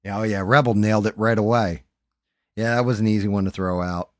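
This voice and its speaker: A man's voice: fairly low pitch, fairly even intonation, fairly quick, no echo, studio quality. A man hosting a live stream, chatting casually, cursing freely and often trailing off mid-sentence. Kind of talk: casual chat while painting 3D prints.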